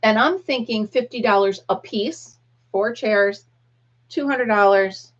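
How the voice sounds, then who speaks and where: A woman's voice: a little high, unhurried, muffled recording. A middle-aged woman hosting a live stream, chatting casually and acting out what people said in her story. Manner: chatty storyteller, acts out quotes. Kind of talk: casual chat with viewers.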